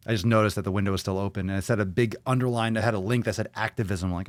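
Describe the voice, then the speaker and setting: A man's voice: lowish voice, animated, racing, few pauses, dry recording. Brash, swearing podcast host man. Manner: brash, profane, mocking. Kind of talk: casual ranting podcast talk.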